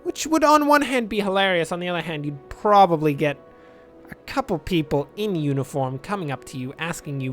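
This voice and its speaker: A man with a fairly high voice talks his way through a city-building game in an easy, offhand manner. He rambles from one joke to the next, dry and self-mocking, and spins out absurd tangents. Faint music plays behind him. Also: lively intonation, brisk, fairly bright tone. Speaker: let's play commentator. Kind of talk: casual gameplay commentary.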